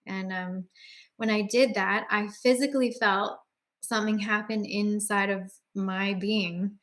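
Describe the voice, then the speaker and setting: An earnest woman recounts her own faith story in a casual, conversational way. She often pauses on fillers and starts sentences over, and her voice carries quiet emotion as she speaks. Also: mid-range voice, steady tone. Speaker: guest sharing her faith testimony. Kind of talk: personal testimony, casual storytelling.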